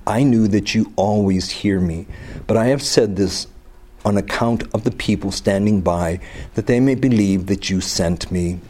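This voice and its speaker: Low, mellow man teaching the Bible. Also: a little slow. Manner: reads scripture aloud, then comments with asides and rhetorical questions; casual, teasing.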